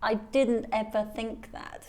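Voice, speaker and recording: Speaking slowly in a fairly high voice, this middle-aged model recounts her life as a podcast guest. She's an animated storyteller who performs the quotes of the people in her tale.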